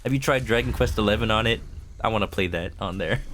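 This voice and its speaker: A man's voice: on the low side, fast talker, background noise. A man streaming a video game, joking playfully and slipping into silly voices. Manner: playful, jokey, slips into voices. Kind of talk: gaming commentary. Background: game music.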